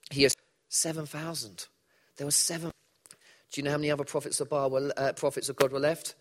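A man preaching a sermon in a church hall, conversational and animated, often asking the audience questions. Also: medium pitch, very fast. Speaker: pastor.

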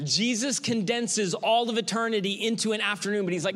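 A man's voice: high voice, a little fast, few pauses, fairly bright tone. A male pastor preaching a sermon in a conversational, emphatic way with frequent repetition.

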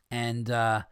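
A man's voice: mid-range voice, clear, resonant tone, no room sound, studio quality. A man hosting his own podcast, ranting in casual comedy style, swearing freely and acting out the people in his stories. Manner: profane, animated, acts out quoted people. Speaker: podcast host. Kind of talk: casual solo comedy rant.

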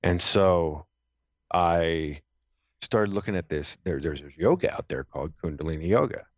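A man's voice: low voice, expressive, moderate pace, no room sound, studio quality. A middle-aged man, a military veteran, telling his story as a podcast guest in an earnest, rambling way with many fillers and restarts. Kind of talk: casual storytelling interview. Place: Los Angeles.

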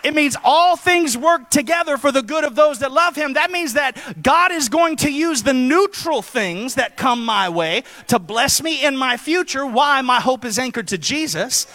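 A preacher with a lilt delivers an impassioned sermon from a church stage. His voice sits high for a man. He moves from ringing calls to the congregation down to quiet, intimate storytelling. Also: lively intonation, moderate pace, few pauses, in a large hall. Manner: impassioned preaching, swinging between shouting and hushed storytelling. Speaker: pastor.

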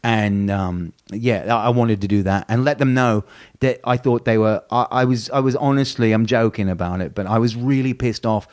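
Brief: man, low-ish voice, animated casual storytelling, lots of swearing. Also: normal speed. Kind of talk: casual podcast chat.

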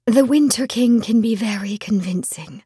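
A woman voicing a gentle, resigned queen mother in an audiobook, speaking softly and soothingly. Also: on the high side, animated, measured pace, breathy edge, no echo, clean studio sound, exaggerated voice. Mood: sorrowful. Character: gentle, sorrowful queen mother, middle-aged. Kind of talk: audiobook reading.

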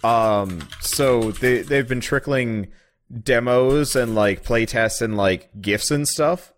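A man's voice: medium pitch, slow pace. A young man chatting casually on a podcast, often hesitant and trailing off with fillers as he talks about games. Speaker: podcast guest, video game streamer.

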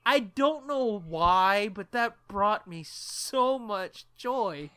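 A man's voice: high voice, lively intonation, drawn-out words, pushed and bright, clean tone. A man co-hosting a podcast, rambling through a story with lots of swearing and laughter. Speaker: podcast co-host. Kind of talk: casual storytelling chat.

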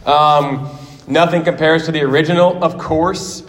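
A man in his forties preaching a sermon in a church, telling stories in a lively way and acting out quotes. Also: fairly high pitch, a little slow. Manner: animated storytelling with acted quotes. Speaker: pastor. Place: church sanctuary. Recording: long hall reverb.

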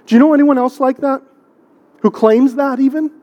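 This middle-aged pastor speaks in a very high-pitched, slightly mellow voice at normal speed, and the sound is lo-fi. His sermon is conversational, full of rhetorical questions and words repeated for emphasis. It was captured in a church sanctuary with long hall reverb.

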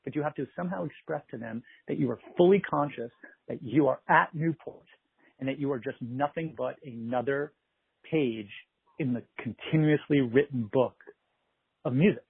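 A man, a festival producer, telling animated anecdotes in a casual interview, quoting people and laughing often. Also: medium pitch, normal speed, no echo. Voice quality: husky, gravelly. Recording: tinny phone-like line.

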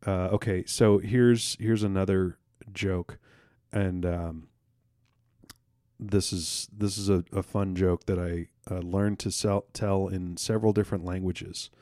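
A man with a fairly low voice rambles through a joke on a casual podcast, stumbling over fillers and restarting his sentences. He swears offhandedly as he goes. The sound is close and dry, with no room around it. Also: level tone, warm tone, dry recording. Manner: rambling, halting storyteller with many fillers and restarts. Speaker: podcast co-host. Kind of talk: casual podcast chat, telling jokes.

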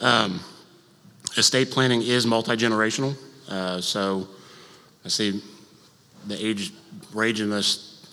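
A man in his thirties, an attorney, teaching a class to a church congregation in a relaxed, conversational way, softly spoken with fillers and small jokes. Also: fairly low pitch. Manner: speaks softly. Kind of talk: informal lecture to a congregation. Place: church auditorium. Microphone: microphone. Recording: long reverb of a large hall.

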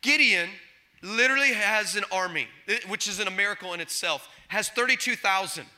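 A man delivers a sermon with a raised, very bright and cutting tone. He swings from loud declarations to hushed asides, acting out quotes and stumbling into quick restarts as he tells his story. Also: high voice. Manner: impassioned preaching that swings between loud and hushed. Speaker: pastor.

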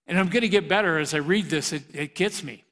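A man's voice: on the high side, normal speed, fairly bright tone. A middle-aged man who teaches the Bible to a youth group in an easygoing way, joking and laughing at his own asides. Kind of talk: casual preaching to a youth group. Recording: long hall reverb.

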